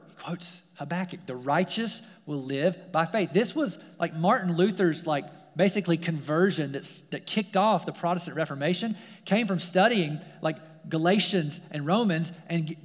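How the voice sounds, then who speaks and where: A man's voice: a little high, normal speed, big-room sound. A man, a pastor, preaching a sermon in a casual, conversational way, full of fillers and repeated phrases. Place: church sanctuary.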